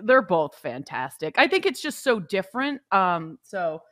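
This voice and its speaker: A woman from Canada co-hosting a casual podcast chat, playful and animated. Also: medium pitch, a little slow. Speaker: co-host.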